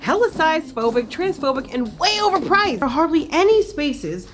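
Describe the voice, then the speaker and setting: A woman's voice: high voice, very animated, normal speed. An actress playing an outspoken woman in a series scene, speaking with emphatic indignation. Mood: indignant. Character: outspoken woman denouncing the bridal industry. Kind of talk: series dialogue clip.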